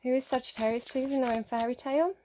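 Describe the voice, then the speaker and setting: A woman's voice: high-pitched, steady tone, quick pace, noisy background. A woman giving a casual tarot reading to camera at home, rambling and chatty with lots of fillers and small laughs. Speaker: tarot reader.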